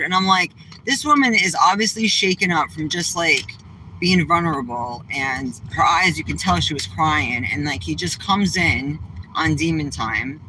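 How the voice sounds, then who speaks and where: A man's voice: a little high, moderate pace, sharp tone, rough recording. A man with a Southeastern Massachusetts accent chatting casually to his viewers from inside his car, rambling and blunt, swearing freely. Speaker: vlogger. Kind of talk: casual livestream chat while driving. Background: faint vehicle noise.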